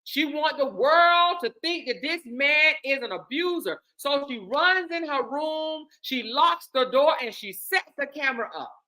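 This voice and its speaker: A woman hosting a vlog, talking in a sarcastic, animated, slangy commentary style. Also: high-pitched, a little slow, hardly any pauses. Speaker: vlog host.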